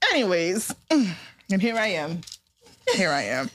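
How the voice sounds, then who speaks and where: A woman's voice: on the low side, slow pace. A woman in her twenties co-hosting a podcast, chatting casually and acting out quotes. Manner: animated, laughing, acts out quotes. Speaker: podcast co-host. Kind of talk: casual chat.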